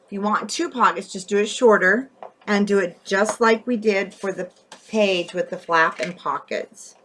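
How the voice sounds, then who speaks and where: A woman's voice: medium pitch, moderate pace, a bit bright, a little hiss or hum. A woman hosting a craft tutorial, chatting as she works and often correcting herself. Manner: chatty, thinking aloud while working, often self-correcting.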